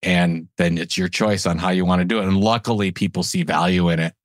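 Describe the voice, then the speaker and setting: A man talking as a podcast guest in casual interview chat, emphatic and animated as he tells stories. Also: low-pitched, fairly quick, no echo, studio quality.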